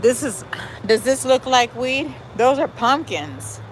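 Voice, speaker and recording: A woman's voice: high voice, lively intonation, takes it slowly, a little hiss or hum, poor audio. A middle-aged woman chatting casually to livestream viewers while walking through her backyard garden, sassy and talkative, calling them y'all and girl. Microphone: phone held while walking.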